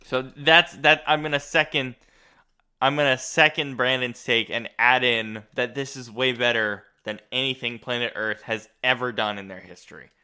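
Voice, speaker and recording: A man's voice: medium pitch, steady tone, normal speed, pushed and bright, clean tone. A young man co-hosting a casual podcast, talking emphatically and with strong opinions. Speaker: podcast co-host. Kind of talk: casual chat.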